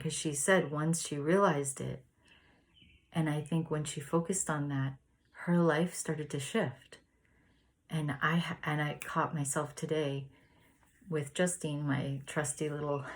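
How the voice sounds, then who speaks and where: Low-voiced woman sharing gently. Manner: gentle, meandering, laughs often. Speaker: spiritual study group leader. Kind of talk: casual reflective sharing and reading aloud.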